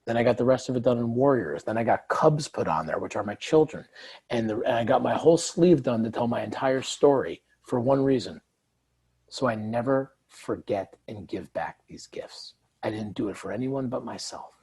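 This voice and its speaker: Husky guy guesting on a podcast, tells stories and does all the voices in them. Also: mid-range voice, moderate pace. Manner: animated storyteller, acts out quoted dialogue. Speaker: guest, author. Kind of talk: conversational interview.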